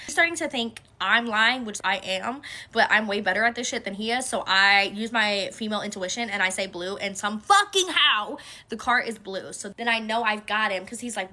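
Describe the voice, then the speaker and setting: A woman telling a personal story in a casual vlog, animated and full of swearing. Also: fairly high pitch, fast. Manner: animated, profane, gossipy.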